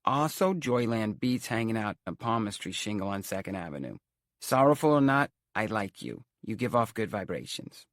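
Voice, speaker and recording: Man doing a dramatic middle-aged fortune-teller woman, raised pitch, mock old-world accent, gravelly edge, dry sound. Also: sing-song, moderate pace, a bit bright, no echo. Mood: brisk.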